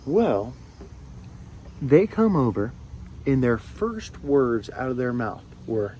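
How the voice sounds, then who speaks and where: A man's voice: mid-range voice, big pitch swings, slow, pauses often, warm tone, a little hiss or hum. Rambling young man ranting. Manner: rambling, full of fillers and restarts. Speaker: vlogger. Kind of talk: ranting monologue.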